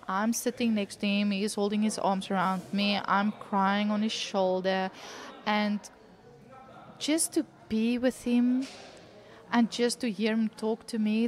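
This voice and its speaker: Earnest woman talking heartfelt faith. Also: medium pitch. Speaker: co-host. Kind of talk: casual faith chat. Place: coffee shop.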